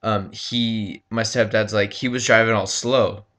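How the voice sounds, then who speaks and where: A man's voice: fairly low pitch, steady tone, fairly bright tone. Rambling, um-filled young man telling a story. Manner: rambling, halting, full of ums and likes; casual swearing. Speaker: gaming commentator. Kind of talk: casual storytelling over gameplay.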